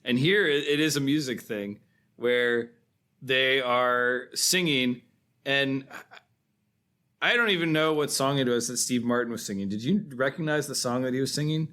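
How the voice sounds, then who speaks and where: A man's voice: mid-range voice, moderate pace, pushed and bright. Easygoing male podcast host. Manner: conversational, chuckles while recounting scenes. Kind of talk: casual film discussion.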